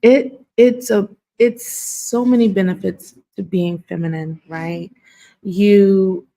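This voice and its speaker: A woman's voice: medium pitch, mellow. A woman speaking as a panel guest in casual chat, earnest and emphatic.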